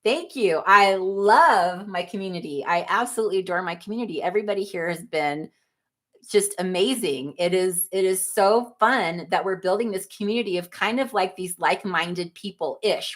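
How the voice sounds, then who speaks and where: A woman's voice: mid-range voice, moderate pace, a bit bright. A middle-aged woman hosting a livestream, chatting casually, reading viewer comments, rambling and laughing often. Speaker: livestream host.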